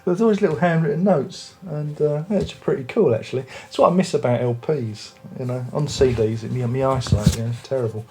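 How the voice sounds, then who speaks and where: A man with a warm, medium-pitched voice chats casually about an album at home, in a room with a record player and speakers. He reviews music as a vlogger, and his talk is rambling and chatty with many restarts.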